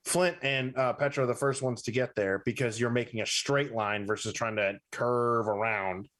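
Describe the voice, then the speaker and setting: A man running a tabletop game as game master, narrating scenes in a loose, halting way with fillers and restarts. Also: mid-range voice, steady tone, a bit bright.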